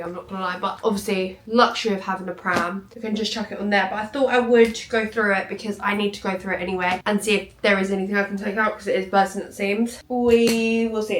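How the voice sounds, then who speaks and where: A woman's voice: medium pitch, fairly bright tone. A young woman, a mum, chatting casually to camera in a vlog, self-deprecating and laughing often. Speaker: vlogger and mother. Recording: echoey room, faint background noise.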